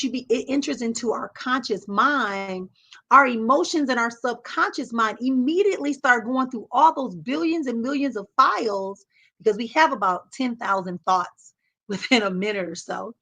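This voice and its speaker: A woman's voice: a little high, fairly bright tone. Woman giving an emphatic motivational talk. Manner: emphatic, repetitive teaching cadence. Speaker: host.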